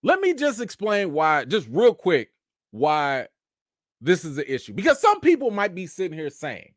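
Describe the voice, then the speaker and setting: A young man hosting a live chat show, animated commentary with mocking asides and rising near-shouts. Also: sits high, moderate pace, dry recording, clean studio sound. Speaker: show host.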